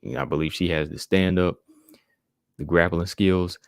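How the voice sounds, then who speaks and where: A man's voice: deep voice, fairly even intonation, normal speed, clear, resonant tone, dry recording, clean studio sound. A man hosting a podcast, giving a laid-back casual recap of fights and often filling his talk with "man" and "you know". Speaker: podcast host.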